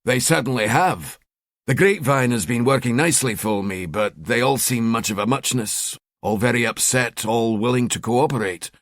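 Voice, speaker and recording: A man's voice: medium pitch, normal speed, no room sound, clean studio sound, lightly acted. A man voicing a cheeky, sardonic male police detective in an audiobook. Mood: wry. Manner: wry, chatty.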